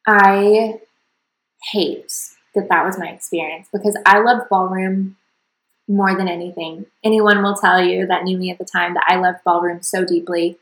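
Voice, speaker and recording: A woman's voice: fairly low pitch, flat delivery, normal speed, fairly bright tone, reverberant, low-quality recording. A woman hosting her own podcast, telling her personal story in an earnest, confessional way. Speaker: podcast host.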